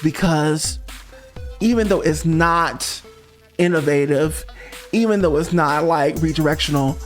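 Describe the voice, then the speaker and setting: A man's voice: a little high, measured pace. A man hosting a pop music review show, talking straight to the viewer in a sassy, emphatic way. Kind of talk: casual opinionated monologue.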